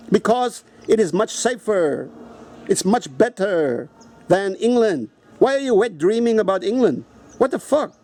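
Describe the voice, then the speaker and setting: A man's voice: high voice, mellow. A man with a South African accent, ranting angrily and profanely into the camera, repeating himself and confronting the person he is addressing. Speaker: video host. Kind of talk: angry rant to camera.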